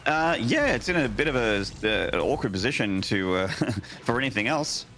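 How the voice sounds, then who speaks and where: A man co-casting a live esports match, explaining strategy in a measured way with playful asides. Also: medium pitch, big pitch swings, a bit bright, faint music behind. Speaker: esports co-caster and analyst. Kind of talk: live game analysis commentary.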